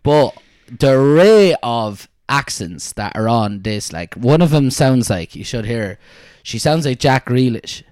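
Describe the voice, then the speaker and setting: An Irish man co-hosting a casual podcast chat, animated and often laughing as he tells stories. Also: mid-range voice, unhurried, no room sound, clean studio sound. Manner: animated, laughs a lot while telling stories. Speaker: podcast co-host.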